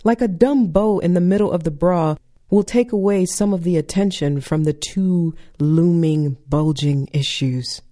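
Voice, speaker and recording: Wry woman with a mellow voice. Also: fairly low pitch. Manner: wry, deliberate delivery. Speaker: spoken-word performer. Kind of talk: spoken-word personal story.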